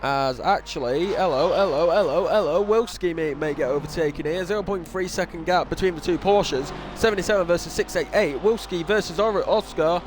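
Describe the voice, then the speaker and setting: Commentating on a sim racing series, this young northern English man talks on the high side, fairly quickly and with hardly any pauses. He rambles casually and pokes fun at himself, and background noise is audible.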